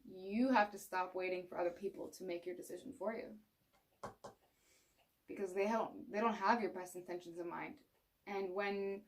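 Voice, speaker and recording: A woman's voice: medium pitch, steady tone, normal speed, distant mic. Chatty woman reading tarot, a bit off-mic. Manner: chatty, frank, laughs often, acts out quoted thoughts. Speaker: tarot reader. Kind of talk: casual spoken tarot reading.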